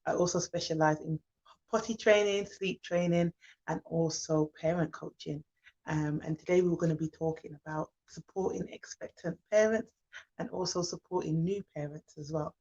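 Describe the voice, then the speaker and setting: This woman has a deep, slightly mellow voice and speaks at normal speed. Working as a nanny and childcare specialist, she hosts a laid-back live stream, sounding drowsy, calling out viewers by name, chatting easily and laughing often. A phone or laptop records it in muffled lo-fi quality.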